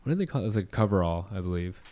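A man chatting casually with friends, animated and rambling with lots of fillers as he lists details. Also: low-pitched, very fast. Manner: animated, nerdy about skate shoes, rambling with fillers. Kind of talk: casual chat.

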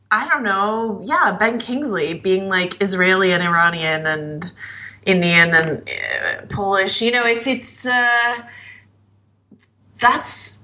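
A woman co-hosting a podcast, musing aloud in a lively way with lots of fillers. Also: medium pitch. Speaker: podcast co-host. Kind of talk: casual discussion.

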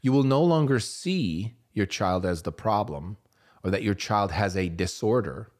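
A man with a fairly low voice delivers a motivational monologue on parenting. He speaks earnestly and persuasively, leaning on rhetorical questions to carry his point. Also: lively intonation, measured pace, darkish tone. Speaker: parent giving a talk on parenting.

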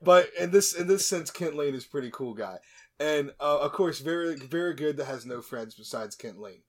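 A podcast host recaps a movie plot in a casual, joking way, tossing in asides and restarting often. His voice is a little high with lively intonation, and he keeps a moderate pace.

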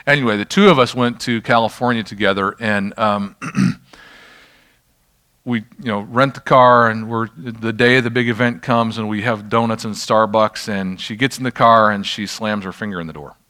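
A man's voice: on the low side, fairly even intonation, normal speed, sharp tone. A middle-aged man preaching a sermon, telling stories in a conversational way and adding self-deprecating asides as he leads a healing ministry. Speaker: pastor leading a healing ministry.

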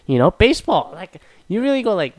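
A young man from Korea rants on his own show, swearing freely and poking fun at himself between gripes. His voice sits a little high for a man and sounds close and dry, with no room around it. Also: big pitch swings, a little fast, darkish tone, no echo. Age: young adult. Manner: profane, ranting, self-mocking. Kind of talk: casual solo rant.

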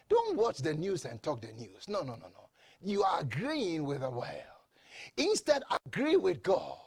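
A man's voice: fairly high pitch, huge pitch swings, normal speed, vocal fry, breathy edge, dry recording. A man preaching a sermon with emphasis, repeating phrases, leading the congregation in call-and-response, and often stammering over restarts.

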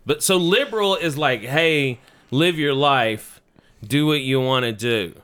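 Podcast guest guy, bright and smooth voice, rambling stories. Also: mid-range voice, unhurried. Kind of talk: casual chat.

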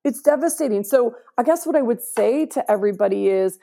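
A woman's voice: on the high side, expressive, brisk, creaky, warm tone. A woman speaking as a podcast guest, earnest and emphatic, often checking in with "right?". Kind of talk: conversational interview.

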